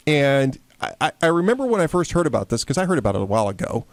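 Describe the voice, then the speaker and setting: A man's voice: mid-range voice, very animated, very fast, no room sound. A man hosting a talk show, chatting casually and enthusiastically about radio. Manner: chatty, enthusiastic, restarts often. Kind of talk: casual radio-style chat.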